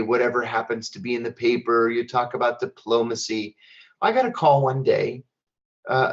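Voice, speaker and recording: Measured man telling a story, dull audio. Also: medium pitch. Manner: measured, deliberate storytelling with wry asides. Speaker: speaker at a public event. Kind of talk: storytelling speech.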